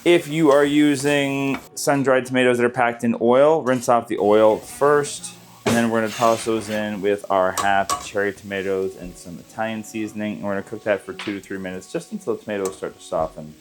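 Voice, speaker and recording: Easygoing man hosting a home cooking show. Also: fairly low pitch. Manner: easygoing, chatty, instructional. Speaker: cooking channel host. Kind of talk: casual cooking walkthrough. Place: home kitchen.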